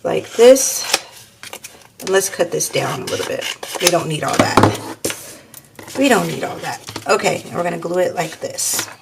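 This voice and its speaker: A woman's voice: fairly low pitch, expressive, moderate pace, creaky, long pauses, background noise. A woman hosting a craft tutorial, chatting casually and thinking aloud as she works, calling her viewers y'all. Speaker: crafting channel host.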